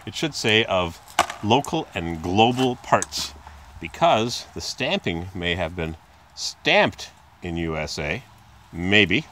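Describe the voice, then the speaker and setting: A man's voice: pushed and bright, slight background noise. A man talking casually while repairing his car, rambling and chatty, filming on a handheld phone. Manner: rambling, chatty, imitates squeaks in a high voice. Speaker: car repair video maker. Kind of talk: casual hands-on repair talk. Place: outdoors by a car in a driveway. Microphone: phone camera held in hand.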